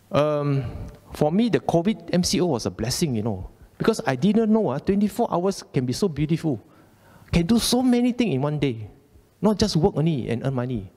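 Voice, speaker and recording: A man's voice: a little high, mellow, long reverb tail. A man with a Malaysian English accent giving an informal Dhamma talk, chatty and colloquial, often repeating phrases and asking "okay?". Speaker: Buddhist Dhamma speaker. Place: temple hall.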